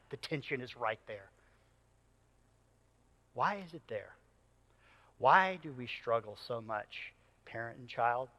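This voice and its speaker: Animated joking pastor in a reverberant hall. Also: male voice, a little high, a little slow, long pauses. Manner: animated storyteller, playful and joking. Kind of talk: sermon. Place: church auditorium.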